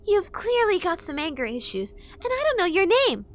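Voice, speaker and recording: Woman doing a high, stammering fairy girl. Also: big pitch swings, moderate pace, a little hiss or hum. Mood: pushy, flustered. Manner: stammering, sarcastic, wheedling. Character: pushy, flustered young female fairy. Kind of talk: audiobook character voice.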